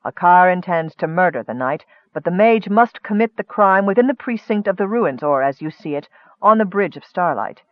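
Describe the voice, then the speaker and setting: A man voicing a sinister, soft-spoken male wizard who talks quietly and in a measured way. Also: high voice, expressive, dry recording, lo-fi sound. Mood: grave.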